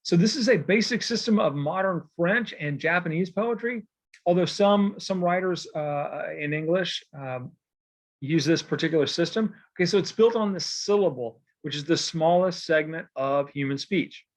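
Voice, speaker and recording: A man teaching a recorded poetry lesson in a casual, rambling way, checking in with "okay?" and filling pauses with "um" and "uh". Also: fairly high pitch. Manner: casual and digressive, with many fillers and "okay?" check-ins. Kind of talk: recorded lecture with slides.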